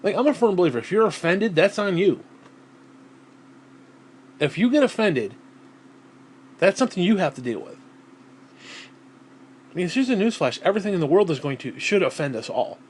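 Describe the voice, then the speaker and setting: A man ranting to camera in a vlog, blunt and heavy on swearing, sighing and clearing his throat between thoughts. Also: sits high, sing-song, normal speed, pauses often, a little hiss or hum. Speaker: vlogger. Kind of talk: profane personal rant to camera.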